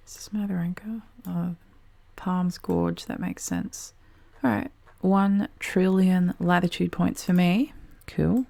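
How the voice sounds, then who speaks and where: A low-pitched woman talking through a game in a relaxed, casual way. Her voice is heavily gravelly with vocal fry, dark and husky in tone. She often drops into muttered, half-whispered asides. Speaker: game commentator. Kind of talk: casual gameplay commentary.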